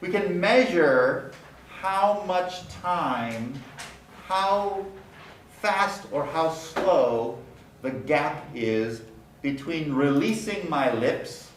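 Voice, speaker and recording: A man lecturing on phonetics, speaking deliberately and repeating example words to demonstrate sounds. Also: a little high, animated, slight background noise. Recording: echoey room, mic at a distance, faint ambience.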